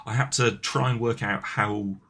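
A man's voice: on the low side, steady tone, fairly bright tone, breathy edge. A man co-hosting a casual podcast chat, with a mild English Midlands accent and a wry, joking manner. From England, Coventry. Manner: wry, joking, quick asides. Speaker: podcast co-host.

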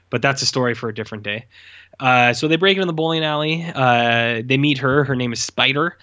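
Rambling laid-back man, bright tone. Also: mid-range voice, highs cut off. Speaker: podcast host reviewing movies. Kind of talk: casual chat.

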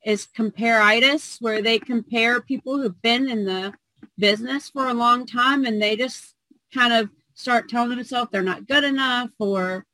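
A woman's voice: fairly high pitch, normal speed, pushed and bright, dry recording, low-quality recording. A woman sharing her thoughts reflectively in a casual group discussion. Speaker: group call member.

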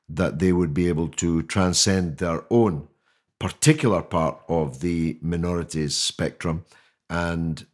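Older guy on a podcast, low-ish voice, punchy rhetorical delivery, keeps restarting. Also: darkish tone. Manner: emphatic, rhetorical, many uhs and restarts. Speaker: mayoral candidate guest. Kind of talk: podcast interview.

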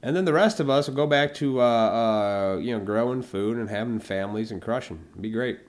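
A man's voice: medium pitch, fairly quick. A man hosting a podcast alone, ranting with a lot of profanity and mockingly acting out the imagined people he argues with. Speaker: podcast host. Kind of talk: solo podcast rant.

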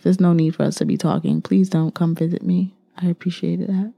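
A woman co-hosting a podcast in casual chat, blunt and profane, quick to launch into dismissive rants. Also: on the low side, little pitch movement, vocal fry, dark tone. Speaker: podcast co-host.

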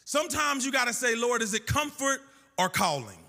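A man's voice: extremely high pitch, big pitch swings, moderate pace, bright, forceful tone. A man preaching a sermon in a sing-song cadence, telling stories and acting out the dialogue. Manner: storytelling with acted-out dialogue. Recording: long reverb of a large hall.

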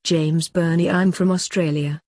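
A woman's voice: on the low side, steady tone, a little slow, darkish tone, dry recording, studio quality. A woman voicing an ordinary modern man who keeps asking incredulous questions in a read-aloud story. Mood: puzzled. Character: ordinary modern man, startled and curious traveller.

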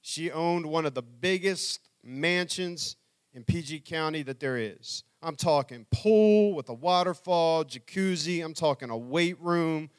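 A man's voice: a little high, unhurried, smooth. A middle-aged man telling his life story to an audience as a speaker, earnestly acting out what people said. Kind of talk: personal testimony talk.

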